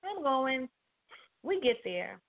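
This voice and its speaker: A woman's voice: sits high, slow pace, vocal fry. A woman hosting a casual podcast, telling a story animatedly and acting out the other people's voices. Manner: animated, acts out quoted voices. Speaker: podcast host. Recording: phone-like narrow sound.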